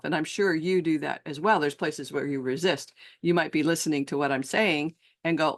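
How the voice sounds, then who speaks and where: Speaking at a moderate pace with hardly any pauses, this woman has a low-pitched voice. She's a middle-aged transformational coach and trainer musing earnestly to other coaches in a solo talk, occasionally voicing her clients.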